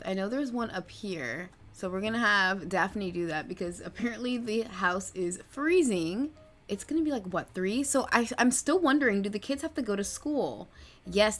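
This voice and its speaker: Female let's play host, chatty and gossipy, bright tone. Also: mid-range voice. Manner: chatty, gossipy, narrating drama. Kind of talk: casual gameplay commentary.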